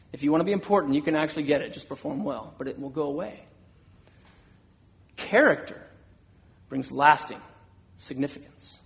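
A man preaching a sermon, earnest, voicing an apostle's words with rising intensity. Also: on the high side. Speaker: pastor.

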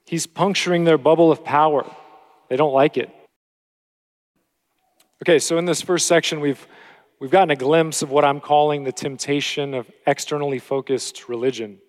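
A man preaching a steady expository sermon as pastor, with occasional self-corrections. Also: a little high, moderate pace, pauses often. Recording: long hall reverb.

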